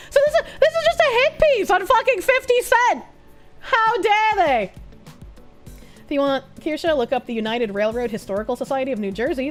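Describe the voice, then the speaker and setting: A young woman with a Boston accent, chatting casually on a live stream, profane and excitable with bursts of yelling. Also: a little high. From Boston, USA. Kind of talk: casual live-stream chat reading comments.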